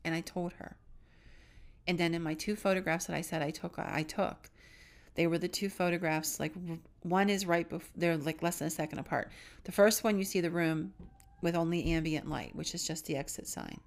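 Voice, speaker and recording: A middle-aged woman who co-hosts a podcast tells a personal story in a low, gravelly voice thick with vocal fry. At a moderate pace she speaks earnestly, often dropping to a hush at the tense moments.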